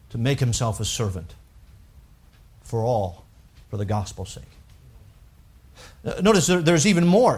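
Male preacher, high voice, emphatic scripture reading with quiet asides. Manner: reads scripture in a rising, emphatic voice; drops low and quiet to explain points. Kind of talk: sermon.

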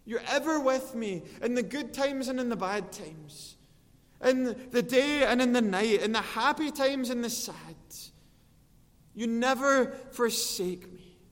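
A man with a high, light voice preaches at a slow, deliberate pace. He is earnest and lets his voice swell on the scripture lines. His voice carries a long reverb, like a large church hall. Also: expressive, fairly bright tone. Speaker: pastor. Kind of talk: sermon.

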